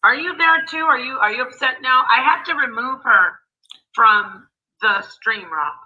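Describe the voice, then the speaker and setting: A woman hosting a livestream panel, apologetic and placating as she calms things down. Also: a little high, measured pace. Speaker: livestream host. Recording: dull lo-fi stream audio.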